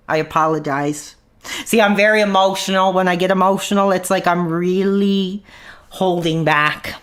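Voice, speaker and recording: A man's voice: sits high, fairly even intonation, normal speed, fairly bright tone. A man streaming an angry rant into his own mic, swearing, mocking and then apologizing for his language. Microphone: own desk mic.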